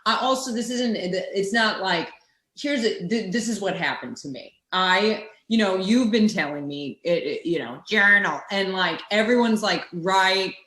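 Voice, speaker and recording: A woman's voice: medium pitch, expressive, measured pace, a bit bright. Rambling wry woman in an echoey room. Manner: rambling, wry, laughs through her words. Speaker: podcast co-host. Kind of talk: casual chat.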